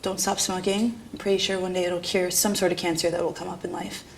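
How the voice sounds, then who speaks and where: A woman's voice: lowish voice, little pitch movement, quick pace, slight background noise. Young irreverent New woman. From New York. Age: young adult. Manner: irreverent, self-mocking, laughs often, swears casually. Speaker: art student. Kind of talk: candid documentary interview.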